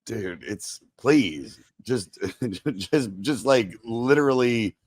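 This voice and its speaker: A man's voice: medium pitch, expressive, slow, dry recording. A man hosting a podcast, rambling with enthusiasm, full of "dude" and "like" and casual swearing. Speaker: podcast host.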